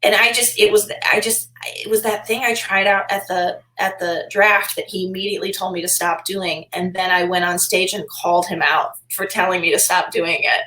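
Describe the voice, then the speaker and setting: A woman chatting as a podcast guest, rambling with lots of "like" fillers and animated quoting. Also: fairly low pitch, moderate pace. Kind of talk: casual interview chat. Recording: roomy echo.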